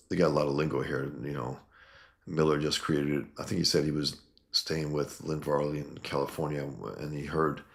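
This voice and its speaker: Man, comic reviewer, casual chat, blunt, very low voice. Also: creaky. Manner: blunt, opinionated, many ums and uhs.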